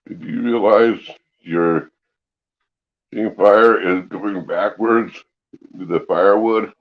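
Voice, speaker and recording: A man hosting a casual morning livestream, talking with his mouth full and chuckling in a folksy, easygoing way. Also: on the low side. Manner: slow, easygoing drawl with folksy slang. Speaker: livestream host. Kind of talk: casual live chat. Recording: dull lo-fi stream audio.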